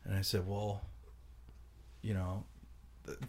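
A podcast co-host with a low voice speaks slowly. In a casual chat, he tells stories with animation, acting out the words of the people involved.

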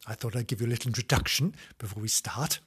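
A man telling a comic mock children's story at a slow pace, chuckling and teasing as he goes. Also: mid-range voice, a bit bright, breathy edge.

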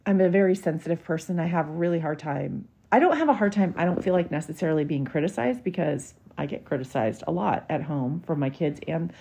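A woman's voice: low-pitched, brisk, creaky, hardly any pauses, dark tone, slightly rough. A woman, hosting a podcast and telling a personal story in a candid, emotional, chatty way. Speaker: podcast host. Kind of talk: casual storytelling monologue.

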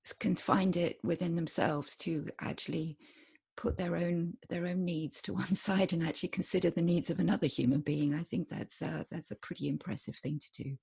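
A woman hosting a podcast, giving short warm reactions to her guest. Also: on the low side, steady tone, moderate pace, gravelly, husky. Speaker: podcast host. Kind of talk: interview responses.

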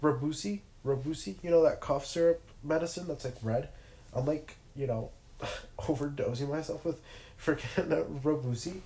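A young man with a cold talks from his bed, his nasal voice mellow and a little dark. He rambles through a casual solo podcast, stumbling over restarts and fillers. The room around him gives a noticeable echo. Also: on the high side, normal speed, creaky. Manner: rambling, filler-heavy, self-interrupting. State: sick with a cold. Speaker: podcast host. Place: in bed at home.

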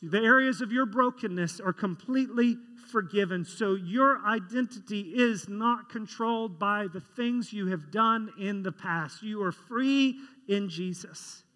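A man's voice: sits high, unhurried, few pauses, sharp tone. A man preaching a sermon as a pastor, telling stories in a conversational way and asking the congregation questions. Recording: long reverb of a large hall.

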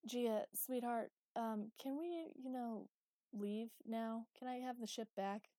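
A woman's voice: on the high side, takes it slowly, mellow, no echo, clean studio sound, pitched above the performer's own voice. Woman playing a cocky flippant male pilot. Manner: breezy and sarcastic.

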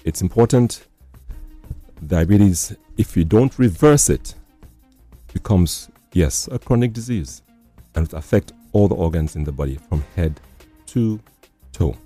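Deep, dark-voiced male radio host. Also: animated, faint music behind. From Nigeria. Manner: measured, repeats and sums up guest's points. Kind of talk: radio health talk show.

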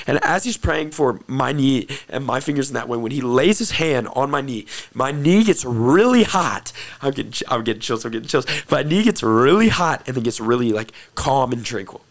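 Earnest excitable young man telling a story. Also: mid-range voice, normal speed, hardly any pauses. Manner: earnest, excitable, repeats phrases for emphasis. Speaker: host telling his testimony. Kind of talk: personal storytelling.

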